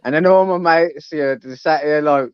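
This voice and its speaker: British male host, laid-back slangy banter, smooth tone, dull lo-fi line. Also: on the high side, moderate pace, dry recording. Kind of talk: casual chat. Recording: dull lo-fi sound.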